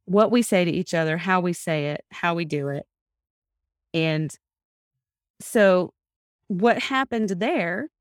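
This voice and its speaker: Low-voiced woman coaching a couple. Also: dry recording, studio quality. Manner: explains step by step, repeats key words, reflects back what she hears. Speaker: couples therapist and podcast host.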